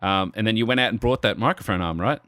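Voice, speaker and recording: A man's voice: lowish voice, fast talker, bright, forceful tone, no echo, studio quality. A young man co-hosting a podcast, telling a bar story with lots of swearing and laughter and putting on the voices of the people in it. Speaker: podcast co-host. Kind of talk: casual podcast chat, storytelling. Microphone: desk microphone with arm.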